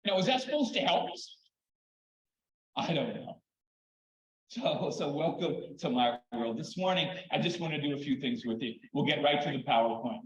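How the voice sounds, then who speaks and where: An older man and children's therapist giving a conference talk, telling stories in an animated way with dramatic pauses. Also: fairly high pitch. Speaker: keynote speaker, children's therapist. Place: large conference hall. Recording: echoey hall, slightly dull sound.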